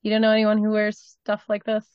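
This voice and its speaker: A woman's voice: mid-range voice, monotone, brisk, clear, resonant tone, no room sound. Woman on a dull, lo-fi call. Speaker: player. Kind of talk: tabletop role-play.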